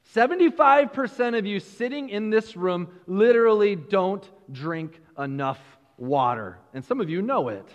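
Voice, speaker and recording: A male preacher giving a sermon to a room of listeners, retelling a story in an animated way, with frequent restarts. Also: sits high, measured pace, hardly any pauses, big-room sound, highs cut off. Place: large room with an audience.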